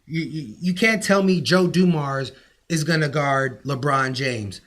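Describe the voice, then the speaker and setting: A man's voice: a little high, a little slow, a bit bright. A man in a casual podcast debate, arguing animatedly and leaning on "like" as filler.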